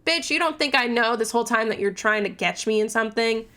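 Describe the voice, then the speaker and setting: A woman voicing a menacing vampire man, a smooth gaslighting villain, in a low-key, threatening way. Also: fast, bright, forceful tone.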